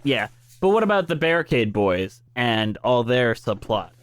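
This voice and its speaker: A man's voice: medium pitch, very animated, moderate pace. A man co-hosting a casual podcast about musicals, enthusiastic and casually swearing. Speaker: podcast co-host.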